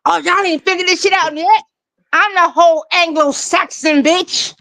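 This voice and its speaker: A woman's voice: very high voice, steady tone, normal speed, sharp tone, no echo, poor audio. A woman co-hosting a live stream who rants loosely and profanely, sounding tipsy and laughing often. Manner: fiery, ranting, repetitive, laughing often. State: tipsy from drinking.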